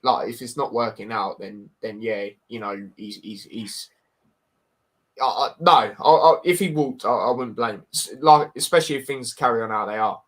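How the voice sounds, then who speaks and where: A man's voice: medium pitch, normal speed. Frank Scouse man talking football. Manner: frank, repeats himself, says mate often. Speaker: podcast host. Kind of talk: casual football chat.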